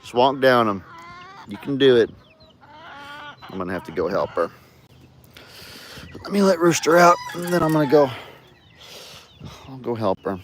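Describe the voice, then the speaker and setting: A man's voice: mid-range voice, expressive, normal speed, long pauses, a little hiss or hum. Chatty man on his farm. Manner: chatty, talks to his animals in a doting voice. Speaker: farm vlogger. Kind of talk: casual farm vlog. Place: outdoors on a farm.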